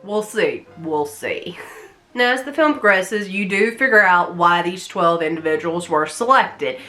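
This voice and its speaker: A woman's voice: on the low side, moderate pace, soft background music. A woman from the American South with a light Southern accent, chatting casually through a movie review and laughing often. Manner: chatty, animated, laughs often between remarks.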